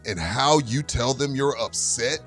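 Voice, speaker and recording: A man's voice: mid-range voice, expressive, measured pace, fairly bright tone, faint music behind. A man co-hosting a sports podcast, ranting incredulously with profanity and rhetorical questions. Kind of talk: animated rant, casual chat.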